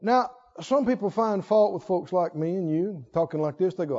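A man's voice: sits high, animated, moderate pace, few pauses, darkish tone, in a large hall, lo-fi sound. A man preaching a sermon, drawing out phrases, singing lines and leading the congregation in call-and-response. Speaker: pastor.

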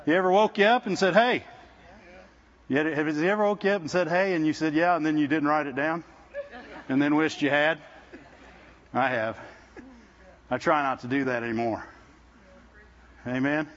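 A man preaches in a loose, conversational way, often stumbling and repeating words before going on. His voice sits high for a man, and he keeps turning to the congregation with "Amen?" The recording sounds muffled and lo-fi. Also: steady tone, normal speed, long pauses, a bit bright. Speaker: visiting preacher. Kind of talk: sermon. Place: church service with congregation.

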